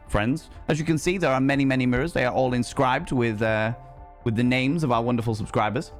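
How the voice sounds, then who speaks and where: A man's voice: medium pitch, fast, faint music behind. A man hosting a live stream in a camp, theatrical way, full of grand flourishes. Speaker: streamer and cabaret host. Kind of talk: flamboyant live-stream chat.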